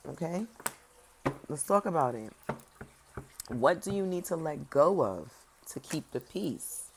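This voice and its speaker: Very deep-voiced sassy woman reading tarot. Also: takes it slowly, a little hiss or hum. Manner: sassy, direct, talks straight to viewers; animated, swings between loud emphasis and soft serious tones. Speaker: tarot reader. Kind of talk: casual tarot reading to viewers.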